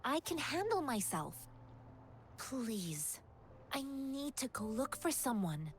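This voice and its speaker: A woman's voice: high-pitched, big pitch swings, slow, a little hiss or hum, full character voice. A woman voicing a spirited young female martial artist in a game, earnest and pleading. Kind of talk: game voice acting.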